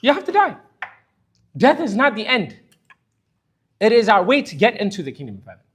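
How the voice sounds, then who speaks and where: A man's voice: high-pitched, very animated, a little fast, a little hiss or hum. A middle-aged man teaching a church Bible study, speaking earnestly and emotionally about personal pain. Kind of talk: impassioned church lesson.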